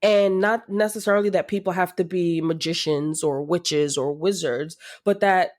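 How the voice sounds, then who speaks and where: A woman co-hosting a podcast, animatedly pitching a book recommendation in casual chat. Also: normal speed. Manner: animated, laughing, self-deprecating. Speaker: podcast co-host.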